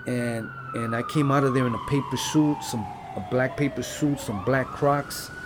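A man's voice: mid-range voice, fairly even intonation, moderate pace, noisy background. Laid-back man telling his story. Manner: loose and rambling, heavy on "like" and "you know"; profane street slang. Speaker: podcast guest telling his life story. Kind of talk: casual storytelling.

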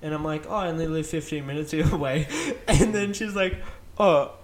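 A man co-hosting a podcast, chatting casually and jumping in with quick reactions. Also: fairly high pitch. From Australia. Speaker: podcast co-host. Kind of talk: casual chat.

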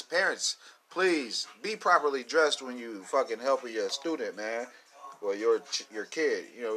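A man's voice: mid-range voice, pushed and bright. A man hosting a casual solo podcast, rambling and swearing a lot and often breaking into laughs. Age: adult. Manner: rambling, profane, laughs between lines. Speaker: podcast host.

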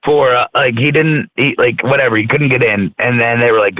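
Speaking fairly quickly with few pauses, a podcast co-host from Maryland, USA, rambles through a story in casual chat. His mid-range voice is full of profanity, fillers, and restarts, captured on a tinny, phone-like, dry recording.

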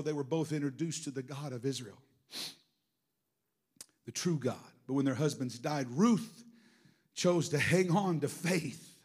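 Man, pastor preaching, high-pitched, emotional storytelling from whispers to shouts. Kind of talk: sermon.

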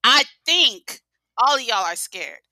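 A woman's voice: fairly high pitch, very animated, slow, sharp tone, no echo, low-quality recording. A woman from Leone, chatting in an emphatic, teasing way. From Sierra Leone. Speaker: podcast co-host. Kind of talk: casual group chat.

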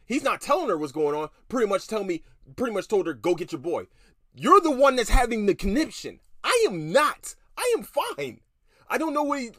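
A man's voice: on the high side, dry recording. Podcast host, 30s man, heated and sarcastic, dry close sound. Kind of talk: ranting story told to listeners.

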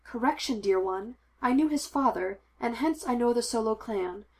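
A woman's voice: on the high side, expressive, normal speed, darkish tone. A woman voicing a male Jedi master who is dry and wry, then shaken, in an audiobook of fan fiction. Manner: dry wit, then breaking and whispering.

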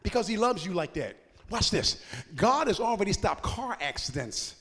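A man's voice: sits high, sing-song, moderate pace, a bit bright, big-room sound. A man preaching a sermon in a folksy, playful way, joking with the congregation and laughing between phrases.

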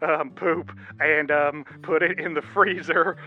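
A man's voice: fairly high pitch, steady tone, slow, phone-quality sound. A man voicing a goofy, hesitant caller with an embarrassing question. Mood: giggly. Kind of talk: comedy radio call-in sketch.

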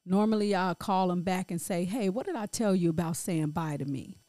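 A middle-aged grieving woman speaking in a halting, emotional personal monologue full of restarts. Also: lowish voice, mellow, no echo. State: grief-stricken. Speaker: grieving mother sharing her story.

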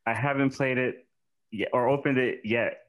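A man in his thirties hosting a casual podcast chat, halting and often restarting. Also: mid-range voice, fairly even intonation, fairly bright tone. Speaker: podcast host.

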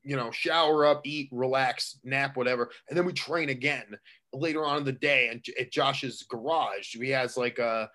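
Excitable rambling male wrestler. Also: medium pitch, moderate pace. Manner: excitable, rambling with many restarts. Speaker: professional wrestler, guest. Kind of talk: casual interview chat.

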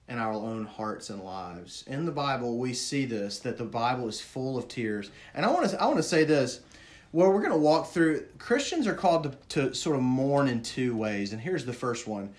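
A man preaches with earnest conviction in a voice of ordinary pitch. He often asks his listeners questions. On words of sorrow he sinks into a hushed, lower tone. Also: animated, moderate pace. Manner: earnest, drops to a hushed low voice on grief words. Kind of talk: sermon.

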